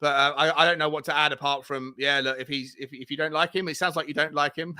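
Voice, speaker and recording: A man with an English accent chatting on a casual football talk show, relaxed and chuckling as he asks questions. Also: a little high, fast.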